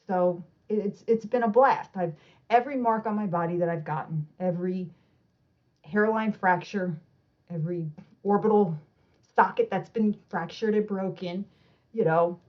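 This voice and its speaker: A woman guest on an interview podcast, telling animated anecdotes and acting out the voices of people in her stories. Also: lowish voice, muffled recording. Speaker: author and martial artist guest. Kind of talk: casual storytelling interview.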